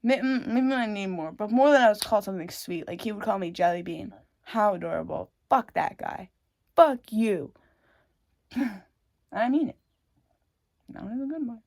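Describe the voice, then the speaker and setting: Young woman with vocal fry, rambling frankly. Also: medium pitch, animated, normal speed. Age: young adult. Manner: rambling and frank, swears often, self-interrupting; wry dark humor. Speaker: storyteller. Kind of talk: casual personal storytelling.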